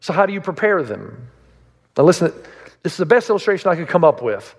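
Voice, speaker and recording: A man's voice: on the high side, big pitch swings, fast talker, creaky. A man preaching a sermon as a pastor, emphatic and full of rhetorical questions. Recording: long reverb of a large hall.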